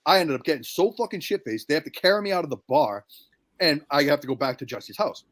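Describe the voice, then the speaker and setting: A young man co-hosting a podcast spins a long, crude party anecdote, full of swearing and asides. His voice sits a little high for a man. He talks in loose, casual chat. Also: animated, fast talker, a bit bright. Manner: profane, rambling anecdote telling. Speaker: podcast co-host.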